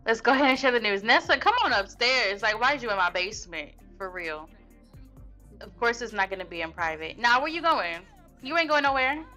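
Young woman chatting thru a sims let's play, bright kinda high voice, slangy and playful, soft music behind. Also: expressive, brisk. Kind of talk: casual gameplay commentary.

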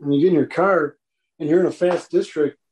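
A man's voice: a little high, brisk. A man, a police officer guest, telling stories in a casual interview and animatedly acting out the people in them. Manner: animated, acts out voices in anecdotes.

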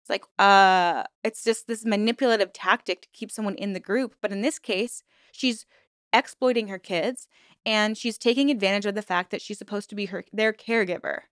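Young female commentary host; indignant, emphatic delivery, clean smooth tone, dry booth sound. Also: mid-range voice, moderate pace, a bit bright, dry recording. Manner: indignant, emphatic, heavy use of "like". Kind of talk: true-crime commentary.

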